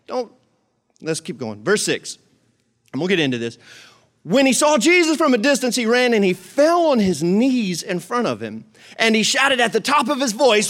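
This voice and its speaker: A man preaching a sermon, reading scripture aloud and explaining it in a casual, animated way with jokes and asides to the congregation. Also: high voice, moderate pace. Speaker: pastor.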